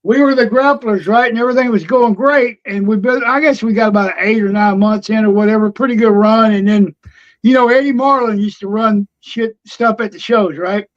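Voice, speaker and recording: This guest is an older man, a retired pro wrestler, whose voice sits high at a normal speed. In a casual interview he shares road stories with animated energy, reenacting old conversations, all captured in dull lo-fi stream audio.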